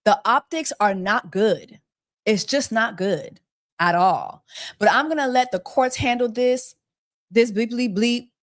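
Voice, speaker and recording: Exasperated woman livestream host, higher voice. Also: measured pace. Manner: exasperated, repeating rhetorical questions; mocking, with quacking and bird jokes. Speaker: host of a celebrity gossip livestream. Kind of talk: casual livestream commentary.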